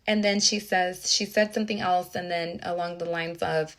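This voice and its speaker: Earnest young woman, low voice. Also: fairly even intonation, moderate pace, hardly any pauses, a bit bright. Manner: earnest, reflective, with many restarts and quoted dialogue. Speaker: teacher. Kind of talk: personal storytelling, emotional.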